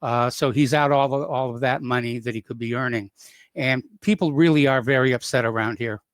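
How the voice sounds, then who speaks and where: Calm male talk radio host. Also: medium pitch, fairly quick, no echo, clean studio sound. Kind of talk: call-in talk radio hosting.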